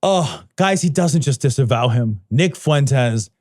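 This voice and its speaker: A man's voice: mid-range voice, expressive, darkish tone, no room sound, clean studio sound. A man co-hosting a podcast, chatting casually about politics in a heated, profane way. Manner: profane, heated, quick to laugh. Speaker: podcast co-host.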